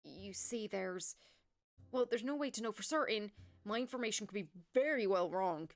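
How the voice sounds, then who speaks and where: A woman's voice: mid-range voice, lively intonation, normal speed, close to an everyday voice. A woman voicing a nervous old man who hesitates and stammers, in a put-on Irish accent. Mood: hesitant.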